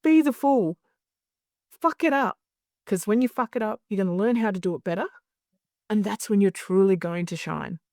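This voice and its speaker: A woman guest talking candidly in an interview, blunt and animated, swearing freely as she tells stories. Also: medium pitch, moderate pace, long pauses, no echo, studio quality. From Australia. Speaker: guest, clinical hypnosis director.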